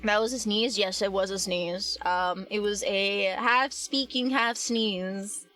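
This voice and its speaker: A woman's voice: medium pitch, steady tone, takes it slowly, a bit bright, soft background music. A young adult woman chatting casually on a live stream while she works, rambling with lots of fillers and restarts and answering her chat.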